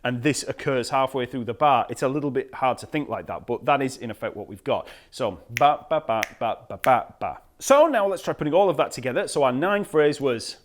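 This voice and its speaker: Man counting out bass rhythms. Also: brisk, hardly any pauses. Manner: counts rhythms aloud and scats beats; relaxed, patient explaining with fillers. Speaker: bass teacher. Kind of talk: instructional bass lesson. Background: bass guitar playing.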